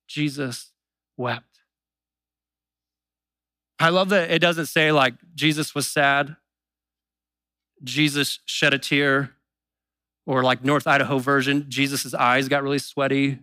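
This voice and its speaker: A man preaching with a bright, forceful tone and a slightly raised pitch. His delivery is conversational, slipping into quick voiced asides for people's doubts. The sound is close and dry. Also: steady tone, dry recording. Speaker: pastor. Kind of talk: sermon.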